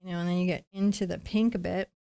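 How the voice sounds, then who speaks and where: A woman's voice: on the low side, fairly even intonation, fast, gravelly, warm tone. A middle-aged woman giving a live acrylic painting lesson, chatting playfully while she paints. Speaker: painting instructor.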